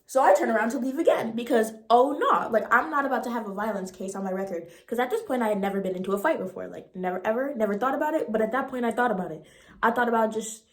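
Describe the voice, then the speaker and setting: A woman in her twenties tells a story for her vlog in a lively, slangy way. She acts out the other people's voices as she goes. Her voice sits a little high, and the room sounds echoey. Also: fast talker. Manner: animated and slangy, acting out the voices. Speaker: vlogger. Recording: roomy echo.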